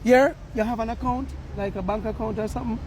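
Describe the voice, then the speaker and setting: Earnest Jamaican man, high voice. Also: fairly even intonation, fast talker, a little mellow, slight background noise. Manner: earnest, pleading, slips into patois. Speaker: street reporter. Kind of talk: on-the-spot appeal to viewers. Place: outdoors on a university campus.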